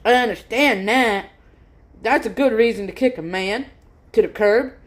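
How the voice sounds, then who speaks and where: A woman's voice: a little high, moderate pace. A woman hosting a livestream, giving blunt, opinionated reaction commentary and swearing freely. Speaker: livestream host.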